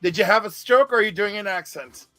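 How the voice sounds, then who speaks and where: A man co-hosting a casual podcast, teasing and correcting the host with quick jabs. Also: high-pitched, pushed and bright, dry recording, soft background music.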